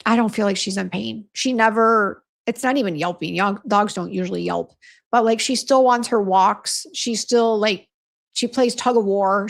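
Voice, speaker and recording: A woman's voice: mid-range voice, gravelly. A woman in her fifties hosting a casual live stream, chatting frankly and reading out viewer comments with a self-deprecating, exclamatory manner. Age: 50s. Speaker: beauty brand owner hosting a live stream.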